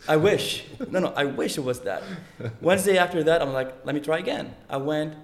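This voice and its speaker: A comedy writer telling lively stories about his stand-up attempts in casual chat. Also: fairly high pitch, brisk, roomy sound. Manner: animated storyteller.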